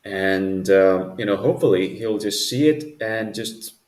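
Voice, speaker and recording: A man co-hosting a casual religious discussion podcast, speaking haltingly with many fillers and restarts. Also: lowish voice, a little mellow, echoey room. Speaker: podcast co-host.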